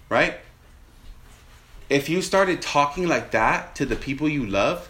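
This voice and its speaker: A man preaching a sermon in an animated way, asking rhetorical questions and acting out quoted voices. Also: a little high, slow pace, pauses often, echoey room, a little hiss or hum.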